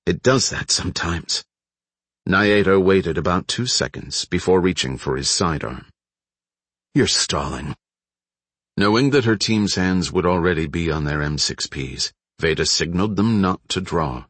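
A man narrating an audiobook in a steady, even storytelling manner. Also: low voice, moderate pace, few pauses, no room sound. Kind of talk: scripted narration.

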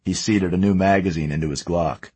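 A man reading a story aloud in a measured, steady way. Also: low voice, breathy edge, no room sound. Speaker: audiobook narrator. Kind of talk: scripted narration.

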